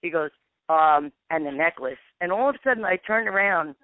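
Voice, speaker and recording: A woman's voice: lowish voice, animated, brisk, no echo. A woman who is a paranormal investigator, telling a long story in a phone interview and acting out the dialogue. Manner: rambling, acts out dialogue with "I'm like". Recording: tinny dry phone line.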